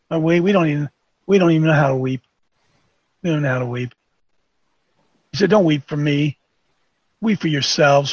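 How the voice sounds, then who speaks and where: A man preaching an informal sermon, folksy and emphatic, slowing down to read scripture aloud. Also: high-pitched, vocal fry, husky, no echo. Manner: folksy, colloquial, emphatic, reads scripture slowly.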